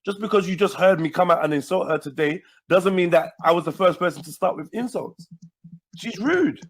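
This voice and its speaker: A man from Nigeria with a notably high voice, arguing on a livestream. He repeats himself and keeps cutting in with "listen.". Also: fairly even intonation, a little fast. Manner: forceful, repeats words, cuts in with "listen". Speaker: livestream host. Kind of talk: heated livestream argument.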